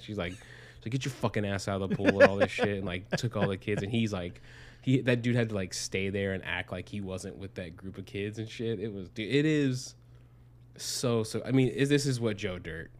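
A man's voice: on the low side, normal speed. A young man casually telling a rambling, profane story on a podcast, with lots of fillers. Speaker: podcast co-host. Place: Arizona.

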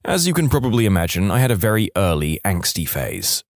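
A man narrating online stories aloud with wry, expressive storytelling. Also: low voice, a little fast, dry recording, clean studio sound.

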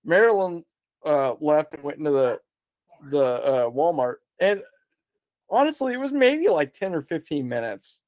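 A man's voice: on the high side, sing-song, measured pace, a little mellow, no echo. Rambling, swearing male storyteller. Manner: rambling, swears freely, laughs mid-story. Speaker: podcast guest. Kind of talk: casual storytelling.

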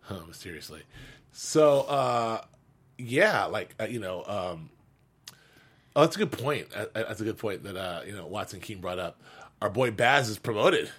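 A man's voice: lowish voice, expressive, normal speed, fairly bright tone, slightly rough. A man co-hosting a fan after-show, chatting casually and animatedly, joking and laughing often, with many restarts. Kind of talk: casual chat.

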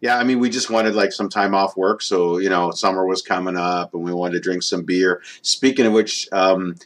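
Canadian male guest, lower register, deadpan rambling comic delivery. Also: normal speed. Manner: deadpan, rambling with many fillers. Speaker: podcast guest. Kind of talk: comic mock apology bit. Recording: ambient room sound.

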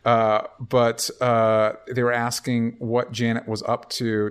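A man's voice: medium pitch, completely flat delivery, slow pace, clean tone. A man co-hosting a podcast in casual chat, rambling through his points with many restarts. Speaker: podcast co-host.

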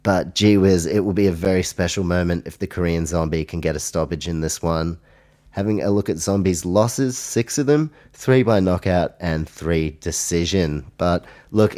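A man's voice: sits low, normal speed, a little mellow. An Australian man hosting a solo podcast, talking casually through fight predictions with chatty asides. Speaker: podcast host.

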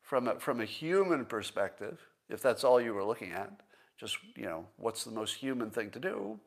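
A man hosting a livestream in a casual commentary style, thinking aloud and slowing down to stress his points. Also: lowish voice, expressive, gravelly. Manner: conversational, thinks aloud with restarts and small laughs. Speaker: livestream host.

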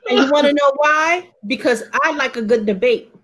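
A woman's voice: sits high, normal speed, a bit bright. Blunt, emphatic woman in candid talk. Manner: blunt, emphatic, profane, mimics others mid-story. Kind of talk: candid casual discussion.

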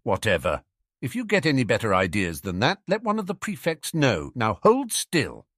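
A man voicing a brisk, businesslike teenage prefect giving orders to younger students. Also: mid-range voice, huge pitch swings, fairly bright tone, no room sound, clean studio sound.

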